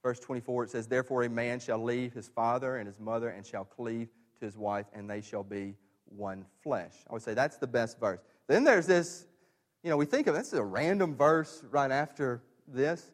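A middle-aged male pastor preaching a sermon, emphatic and repetitive, rising to loud stresses and dropping to quiet lows. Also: normal speed, big-room sound.

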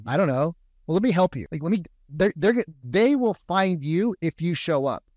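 A man talking in casual podcast chat, an animated, profane storyteller. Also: a little high, moderate pace, dry recording, clean studio sound. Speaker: real estate agent, podcast guest.

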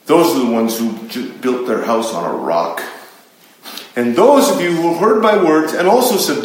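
A man's voice: on the high side, lively intonation, unhurried, pauses often. A man preaching a conversational sermon, emphatic and chatty, with asides to his listeners. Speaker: pastor teaching a Bible study. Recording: very echoey room.

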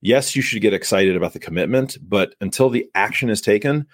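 A man's voice: lowish voice, a little fast, no room sound, clean studio sound. A man hosting a sales podcast, coaching listeners in an emphatic monologue and acting out short exchanges with buyers. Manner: emphatic, coaching, acts out buyer and seller lines. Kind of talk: solo podcast advice monologue.

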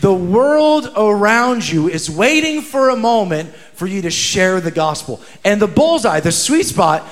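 A man from New Jersey preaching as a guest, telling funny stories with animated, joking energy. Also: high-pitched, unhurried. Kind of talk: sermon with humorous storytelling.

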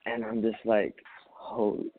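A man, a Marine veteran, telling a story as an interview guest, animated, acting out his own quotes and laughing often. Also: fairly low pitch, moderate pace, phone-quality sound. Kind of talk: casual storytelling.

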